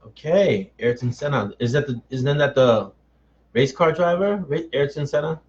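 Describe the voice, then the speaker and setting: A man's voice: a little high, expressive, normal speed, lo-fi sound. A middle-aged man, an author hosting a casual live-stream chat, answering viewers by name in a chatty, self-mocking way.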